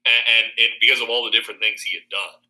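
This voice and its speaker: A man's voice: medium pitch, steady tone, rapid-fire, bright, forceful tone, low-quality recording. A man in his thirties, a college faculty member and podcast guest, chatting casually with restarts and frequent laughter. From Pennsylvania. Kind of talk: casual conversation.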